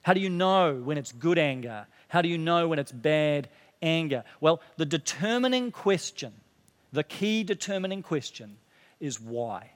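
Earnest high-voiced male preacher in a hall. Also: animated, moderate pace. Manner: earnest preaching, drops low and quiet for emphasis, rises when stirred. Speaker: pastor. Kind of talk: sermon.

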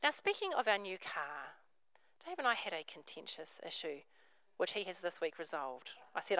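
A woman's voice: on the low side, sing-song, moderate pace, bright, forceful tone, dry recording, poor audio. A woman, preaching a sermon, telling a story and acting out the characters' voices.

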